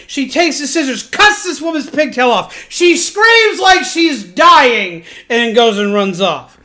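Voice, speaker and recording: A woman streamer casually retelling an anime plot, animated and full of profanity. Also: high-pitched, a little slow.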